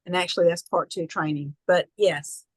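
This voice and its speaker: A woman's voice: lowish voice, fairly even intonation, normal speed, breathy edge, no room sound, rough recording. A woman with a Southern accent coaching a group about social media posts on a call. Her talk is folksy and encouraging, full of "you know" and easy peasy cheer. The sound is dry and close, with no room around it. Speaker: business trainer. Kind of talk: online training call.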